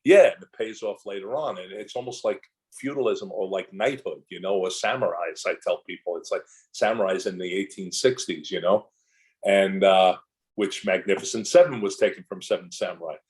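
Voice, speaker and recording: A man's voice: low voice, moderate pace, darkish tone, low-quality recording. An older man, an actor guest in a casual interview, telling long rambling anecdotes full of restarts and asides.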